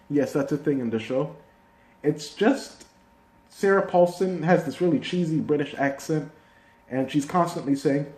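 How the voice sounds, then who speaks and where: A man's voice: fairly high pitch, warm tone. A man giving a casual, rambling video review of a TV season, full of fillers and restarts. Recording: echoey room.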